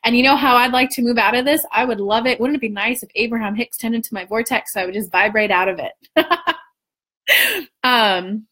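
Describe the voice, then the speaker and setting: A woman in her thirties telling a personal story to her viewers in a casual, animated way, swearing freely and acting out what people said. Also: a little high, brisk. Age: 30s. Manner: animated, swearing, acts out quoted dialogue. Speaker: spiritual coach and vlogger.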